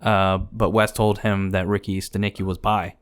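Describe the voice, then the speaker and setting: A man's voice: deep voice, level tone, moderate pace, smooth, no room sound, studio quality. A man co-hosting a movie podcast, talking casually with loose swearing and fillers. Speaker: podcast co-host.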